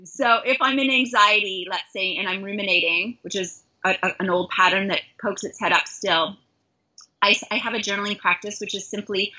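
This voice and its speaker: A middle-aged woman from Canada talks as a life coach in an interview, earnest and openly self-reflective. Her voice is bright and forceful, with a breathy, husky grain, on a dull, lo-fi recording. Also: mid-range voice, moderate pace.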